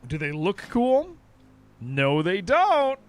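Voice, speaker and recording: Speaking slowly in a high voice with huge pitch swings, a man chats casually while streaming a game. He rambles, restarts his sentences often, and uses dude a lot.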